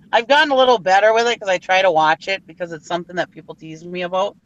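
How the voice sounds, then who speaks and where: A woman's voice: fairly low pitch, a bit bright, lo-fi sound. A woman from Minnesota with a northern Minnesota accent, chatting casually and laughing often as she tells stories. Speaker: truck driver and reseller on a live hangout. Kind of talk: casual chat.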